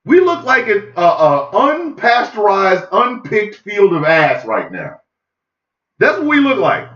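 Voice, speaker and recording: High-voiced male comic ranter, piercing and animated; echoey, muffled lo-fi sound. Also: slow pace. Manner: loud, incredulous, repetitive ranting. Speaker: comedy podcast host. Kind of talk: ranting comedic monologue.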